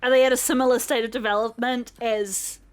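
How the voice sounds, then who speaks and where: A woman chatting her way through a video game, asking curious questions and often restarting her sentences. Her voice sits a little high. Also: steady tone, brisk. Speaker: let's play co-host. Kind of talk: casual gameplay chat.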